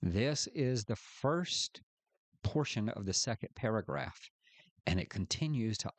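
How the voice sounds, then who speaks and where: Man, Bible teacher, slow deliberate delivery, dry close sound. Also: on the low side, animated, no room sound. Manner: slow, deliberate, reads scripture aloud with emphasis. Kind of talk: scripture study lesson.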